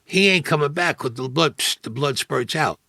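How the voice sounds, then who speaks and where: There's no echo as the interviewee, a Vietnam vet from Brooklyn, New York, shares his war stories bluntly. His voice is on the high side, expressive, bright and forceful at a moderate pace, and he performs the dialogue in gruff street talk.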